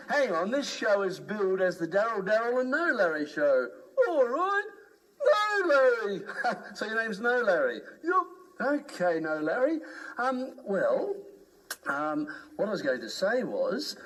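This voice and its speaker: A man's voice: high voice, low-quality recording. A man with an Australian accent, joking and chatting playfully while running a comedy skit. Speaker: entertainer, co-host. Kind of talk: comedic banter and ventriloquism skit.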